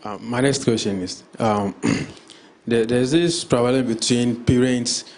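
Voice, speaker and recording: A man's voice: mid-range voice, slow pace, a little mellow. Man, audience question, hesitant, faint background noise. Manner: hesitant, repeating words. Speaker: audience member asking a question.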